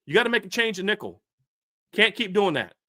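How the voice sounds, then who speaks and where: Man, sports podcast co-host, fired-up rant, bright forceful voice, dry close mic. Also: high-pitched, animated, a little fast, no room sound. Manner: fired up, ranting, repeats himself with restarts. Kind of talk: heated sports commentary rant.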